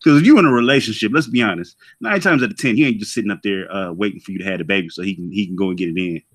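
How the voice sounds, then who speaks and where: A man's voice: fairly low pitch, rapid-fire, fairly bright tone, breathy edge. A man hosting a casual podcast debate, posing provocative questions. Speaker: podcast host.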